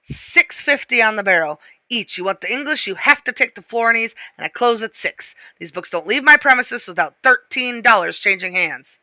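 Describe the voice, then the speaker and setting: A woman's voice: fairly high pitch, animated, normal speed, few pauses, no room sound, lo-fi sound, pitched above the performer's own voice. A woman voicing a stubborn old male bookseller with a heavy accent who grumbles and haggles. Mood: indignant. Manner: heavily accented, grumbling, shouting at times.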